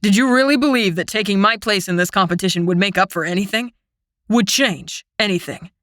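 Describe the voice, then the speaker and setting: A woman plays a bitter young fairy man from a storybook who sneers and scoffs at his sister. The voice is bright and forceful with crisp edges, and it sits close and dry to the mic. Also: medium pitch, fairly quick, dry recording, lightly acted. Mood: accusing. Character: bitter young male fairy, scornful brother.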